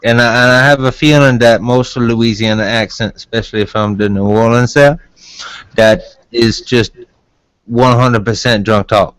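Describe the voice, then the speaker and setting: A man's voice: mid-range voice, steady tone, normal speed, fairly bright tone, smooth, dry recording. A man in casual voice chat, joking, swearing and needling the others. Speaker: voice chat participant.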